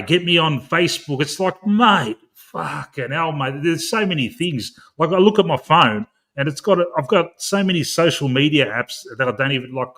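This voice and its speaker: A laid-back man chats about footy and keeps calling people mate. His voice sits at an ordinary middle pitch. He comes across easygoing and agreeable. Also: a bit bright. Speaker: podcast co-host. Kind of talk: casual chat.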